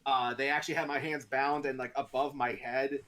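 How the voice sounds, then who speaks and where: A man's voice: medium pitch, fairly quick. A man co-hosting a casual talk show, telling a story with frequent laughs. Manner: animated storyteller, laughs often. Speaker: podcast co-host. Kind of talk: casual chat.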